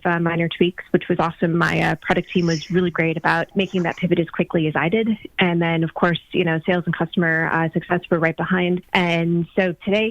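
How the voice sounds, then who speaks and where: A woman's voice: on the low side, no echo. A woman guest on a podcast chatting upbeat about her work as a marketing executive. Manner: chatty and upbeat, quick storytelling. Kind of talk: casual podcast conversation. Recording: muffled, dry remote audio.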